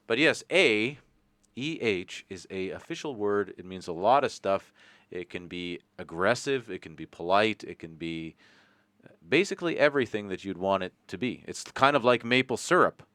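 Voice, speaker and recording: A man's voice: on the low side, lively intonation, normal speed, a bit bright, dry recording. A Canadian man with a Canadian accent hosting a casual podcast chat, rambling and joking, swearing now and then. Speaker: podcast host.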